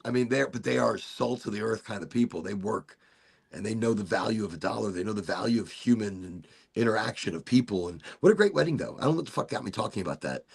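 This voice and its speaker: A man's voice: on the low side, lively intonation, fast talker, gravelly, slightly rough. A man hosting a casual chat, telling a story with lots of swearing and putting on mock British voices for the people he quotes. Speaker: host.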